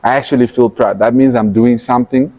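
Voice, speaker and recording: A man's voice: mid-range voice, fairly even intonation, a little fast, dark tone. A man, a guest in a podcast interview, telling his story animatedly and acting out his own past thoughts as quotes. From Namibia. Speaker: entrepreneur and activist guest.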